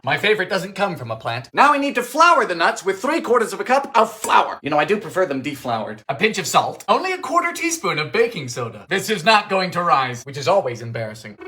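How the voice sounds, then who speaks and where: A man hosting a vintage recipe cooking show, narrating steps with deadpan quips and sudden loud outbursts. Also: high voice.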